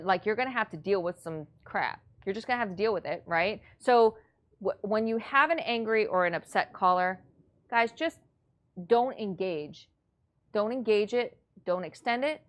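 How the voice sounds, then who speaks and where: A woman's voice: mid-range voice, lively intonation, normal speed. Blunt, motivating woman real estate coach. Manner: blunt, matter-of-fact, motivational. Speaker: real estate investing instructor. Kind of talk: coaching lesson.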